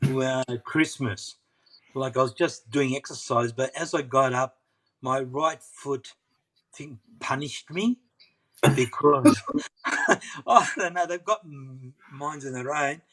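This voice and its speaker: A man's voice: medium pitch, takes it slowly, a bit bright. A middle-aged man, an interview guest, telling a personal story earnestly and often repeating himself. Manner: earnest, persistent, repeats phrases.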